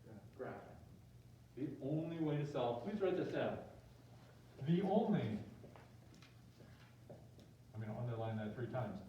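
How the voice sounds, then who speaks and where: Joking math teacher in an echoey classroom. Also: male voice, mid-range voice, fairly quick, a little hiss or hum. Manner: joking, animated, talks to himself. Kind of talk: classroom lecture. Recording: echoey room, distant mic, dull sound.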